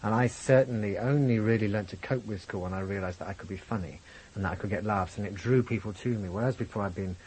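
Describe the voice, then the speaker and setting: A man with a posh English accent, reminiscing candidly as an interview guest, animated when telling stories. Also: on the low side, fast talker, breathy edge, low-quality recording. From England, grew up in Birmingham. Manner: reflective, animated storyteller, lifts voice for quotes. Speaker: guest, comedian and impressionist.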